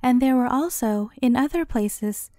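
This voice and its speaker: A woman narrating a fairy tale as a gentle, measured bedtime story reading. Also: fairly high pitch, no echo, studio quality.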